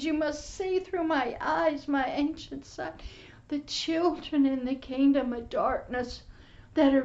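A woman's voice: high voice, darkish tone. Woman speaking as a sorrowful, tender God. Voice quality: earnest, pleading and tender. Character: God, sorrowful loving heavenly father. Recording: muffled lo-fi recording.

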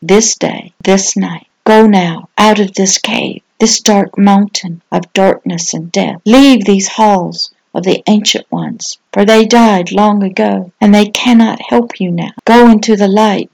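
A woman pastor giving a scripted inspirational reading, speaking in slow, solemn declarations with lots of repetition. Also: mid-range voice, creaky, darkish tone, low-quality recording.

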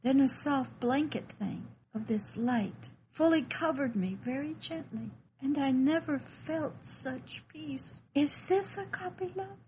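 A woman's voice: high voice, slow, hardly any pauses, dark tone, a little hiss or hum, poor audio. A woman voicing a frightened lonely spirit child. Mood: wondering. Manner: timid, full of anxious questions. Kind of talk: scripted devotional storytelling.

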